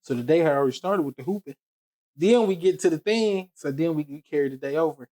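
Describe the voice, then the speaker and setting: A man's voice: fairly high pitch, fast talker, dark tone, no echo. A young adult man co-hosting a podcast, telling a story in casual, profane chat and laughing through it. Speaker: podcast co-host.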